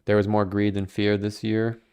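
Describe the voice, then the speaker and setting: Smooth-voiced man rambling on a livestream. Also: lowish voice, moderate pace. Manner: rambling, animated, self-mocking, swears freely. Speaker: crypto livestream host. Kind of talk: casual livestream commentary.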